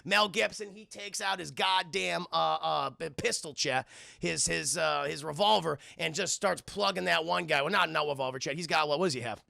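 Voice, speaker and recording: A man with a high, heavily gravelly voice tells a film's story on a live stream. He sounds bright and edgy, swears freely and keeps turning to his chat as he goes. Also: moderate pace, no echo, clean studio sound. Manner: animated, profane, keeps addressing the chat. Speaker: streamer and film reviewer. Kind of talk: casual live-stream film recap.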